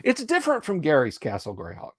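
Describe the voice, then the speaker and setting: A middle-aged man hosting a casual livestream, rambling and hyping up his viewers with lively storytelling. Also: a little high, fast, dry recording, clean studio sound. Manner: animated, hype-building and rambling. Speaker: livestream host.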